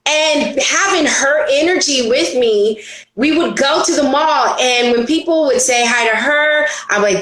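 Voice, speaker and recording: Animated woman entrepreneur from San Diego, high voice, roomy echoey sound, casual interview talk. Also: unhurried, a little hiss or hum. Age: adult with a daughter. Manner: animated storyteller who acts out quoted voices. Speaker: entrepreneur guest. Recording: roomy echo.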